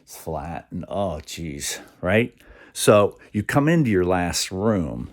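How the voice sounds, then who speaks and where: A man with a low, husky voice rambles through a spiritual monologue. His pitch swings widely as he acts out quoted voices. Sometimes he sinks to a whisper. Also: sing-song, slow.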